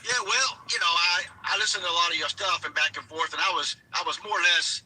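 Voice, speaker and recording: A man calling in to a livestream while driving his car, talking haltingly with many restarts. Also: fairly high pitch, bright, forceful tone, husky, low-quality recording. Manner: hesitant, restarts often. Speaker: caller. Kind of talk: casual phone-in chat.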